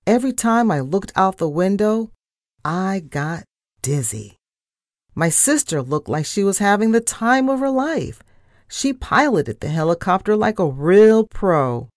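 A woman reading a children's storybook aloud in first person, with an animated delivery. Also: mid-range voice, unhurried, no echo, clean studio sound.

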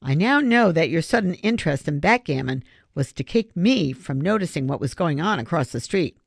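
A narrator doing a gruff old miner. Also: mid-range voice, expressive, moderate pace, no room sound, clean studio sound. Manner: growling, suspicious.

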